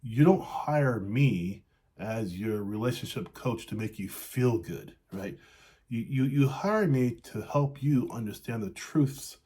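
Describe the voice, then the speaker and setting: A man's voice: mid-range voice, lively intonation, slow pace, dark tone, husky. A man working as a relationship coach, telling a fable and then talking casually about honest feedback, often tagging lines with "right?". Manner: casual, repeats "right?", laughs lightly. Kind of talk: storytelling and coaching talk.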